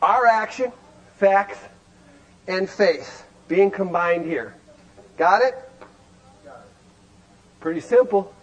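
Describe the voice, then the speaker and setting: A man's voice: sits high, slow pace, pauses often, rough recording. A man teaching a recovery group in a folksy, emphatic way, peppered with rhetorical questions. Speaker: recovery meeting speaker. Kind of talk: animated teaching talk.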